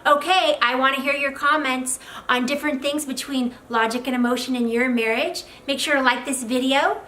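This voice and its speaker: A high-pitched middle-aged woman gives marriage advice straight to the camera. She talks with animated, expressive energy and acts out the voices she quotes. A faint hiss of room ambience sits behind her. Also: moderate pace, low-quality recording. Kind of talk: direct-to-camera advice talk.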